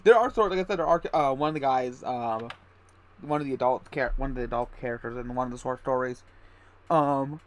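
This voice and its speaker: A man's voice: mid-range voice, brisk. Rambling, joking man on a game stream. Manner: rambling, laughing, crude jokes. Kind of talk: casual chat over a game.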